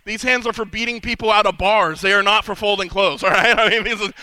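A man's voice: high voice, fairly even intonation, fast talker, pushed and bright, clear, resonant tone. A man giving a humorous sermon at a conference, telling stories with animation and acting out the voices he quotes. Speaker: conference speaker. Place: conference session.

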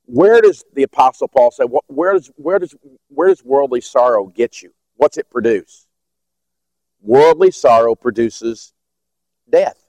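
A man's voice: medium pitch, lively intonation, a little slow, darkish tone, no room sound, low-quality recording. A man teaching a Bible study lesson in a conversational way, acting out little dialogues and restarting his sentences.

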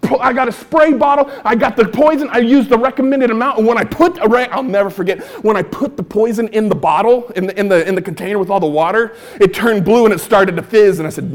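High-voiced animated male comedian. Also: fast, few pauses. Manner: animated, acts out his own lines with big shouts. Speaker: stand-up comedian. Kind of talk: stand-up storytelling.

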